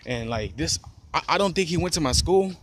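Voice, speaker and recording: A man's voice: on the high side, expressive, brisk. A man telling a personal story in a loose, rambling way, heavy on profane slang, restarts and "bro", recorded outdoors on a phone. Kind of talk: casual storytime monologue.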